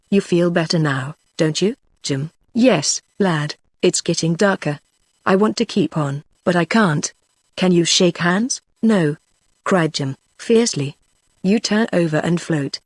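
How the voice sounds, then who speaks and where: A synthetic woman's voice reading a novel aloud, with an even, steady machine delivery. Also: fairly low pitch, dry recording. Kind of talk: text-to-speech audiobook narration.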